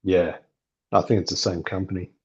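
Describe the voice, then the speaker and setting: Deep husky man hosting a watchalong. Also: flat delivery, normal speed, darkish tone, highs cut off. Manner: easygoing, leads the stream and talks to the chat. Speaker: channel host. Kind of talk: casual movie watchalong commentary.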